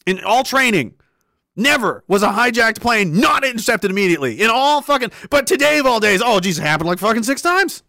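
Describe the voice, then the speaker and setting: A man's voice: extremely high pitch, big pitch swings, a little fast, sharp tone, no room sound, studio quality. A young man ranting sarcastically and profanely, reading out chat messages as a streamer, often laughing. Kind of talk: ranting commentary.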